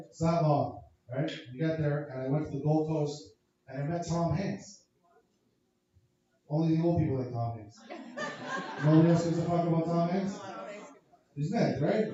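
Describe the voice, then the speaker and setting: A man from Canada doing a crude, profane stand-up set at a comedy club, riffing with the crowd. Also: fairly high pitch. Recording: echoey, dull club recording from far off.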